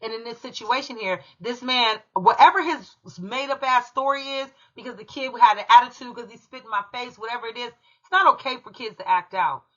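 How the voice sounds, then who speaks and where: A woman's voice: a little high, fairly quick, few pauses, highs cut off. A woman from California, a channel host telling a heated personal story in an emphatic, profane way. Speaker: true crime commentary channel host.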